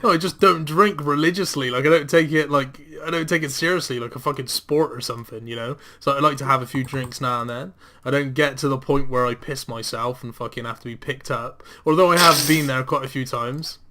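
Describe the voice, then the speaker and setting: A young man talking casually over gameplay, telling a story with plenty of swearing and animated, rising delivery. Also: mid-range voice, brisk. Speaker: gaming commentator.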